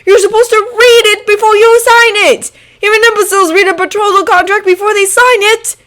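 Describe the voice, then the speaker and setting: A woman's voice: fairly high pitch, moderate pace, voice pushed up, close to an everyday voice. A woman doing a haughty young aristocrat wizard. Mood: alarmed, scolding. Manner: sneering, clipped retorts. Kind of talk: fan audiobook reading.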